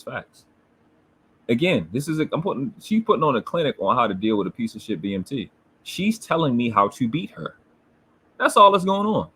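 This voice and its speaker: A man's voice: medium pitch, sing-song, normal speed, a bit bright, slightly rough. A man hosting a commentary show, reacting to a replayed livestream clip in a combative, mocking and profane way. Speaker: commentary channel host.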